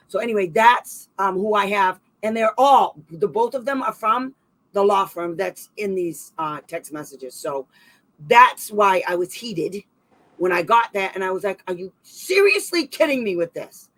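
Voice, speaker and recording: Captured on a rough recording, her mid-range voice carries a casual special education advocacy livestream. She rambles with plenty of energy and slips in sarcastic quips along the way.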